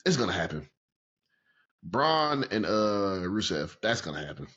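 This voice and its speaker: A man co-hosting a casual wrestling podcast, talking in a profane, excitable way and laughing often. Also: low voice, measured pace, highs cut off. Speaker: podcast co-host.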